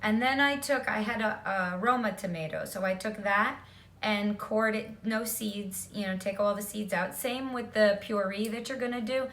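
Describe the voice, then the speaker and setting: A woman's voice: medium pitch, moderate pace, a bit bright. Chatty woman in a roomy kitchen. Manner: chatty, often checks in with "okay?". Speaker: home cook. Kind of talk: casual cooking demo. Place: home kitchen.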